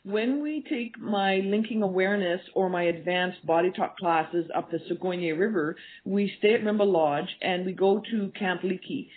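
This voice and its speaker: A woman who teaches animal communication appears as a guest on a radio interview, earnestly telling stories and acting out quoted dialogue. Her mid-range voice runs at a moderate pace with hardly any pauses. The sound comes over a tinny phone line.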